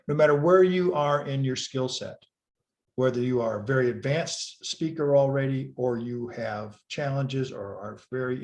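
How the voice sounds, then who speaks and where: A middle-aged man teaches public speaking over a video call. He talks in an animated, conversational way, restarting his sentences as he goes. His pitch sits in the middle range for a man. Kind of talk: online class lecture.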